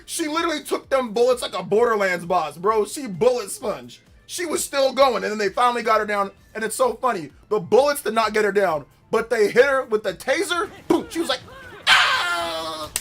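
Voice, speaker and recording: Chatting casually on his gaming livestream, a man tells animated stories and often breaks into laughter. He talks fairly quickly with few pauses, his pitch jumping around as he acts out quotes at full volume over faint background music.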